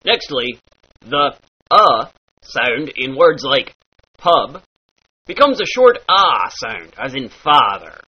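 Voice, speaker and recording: Very animated but slow, a husky-voiced man at medium pitch plays accent teacher, walking through pirate speech sound by sound in mock-archaic phrasing. The lo-fi recording sounds dull.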